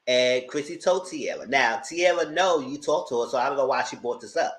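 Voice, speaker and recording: Animated, gossipy man recapping TV. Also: medium pitch, brisk. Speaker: online TV reviewer. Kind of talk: live casual TV recap.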